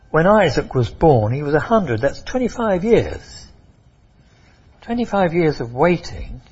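A man preaching a sermon, emphatic and expressive, often repeating and restarting phrases. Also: fairly high pitch, highs cut off, a little hiss or hum.

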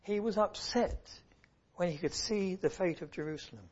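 Man, preacher, earnest sermon, fairly high voice, dull recording. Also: moderate pace, breathy edge. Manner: earnest, rising and falling emphasis. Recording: muffled lo-fi recording.

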